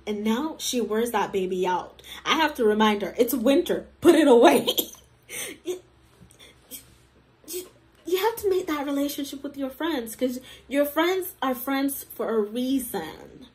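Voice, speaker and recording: Woman host, high bright voice that swings widely; chatty, laughs often, plays out friends' lines. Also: measured pace. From Jamaican heritage. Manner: animated, laughing, acts out friends in quoted voices. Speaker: commentary host. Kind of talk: casual reaction commentary.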